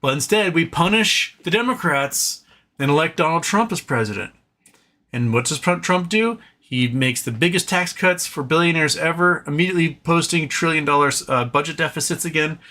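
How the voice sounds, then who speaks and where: A man hosts a political livestream, ranting with exasperated sarcasm in a bright, forceful voice that sits on the high side, at a moderate pace. He swears, mocks opponents with put-on quotes, uses fillers, and keeps restarting his sentences.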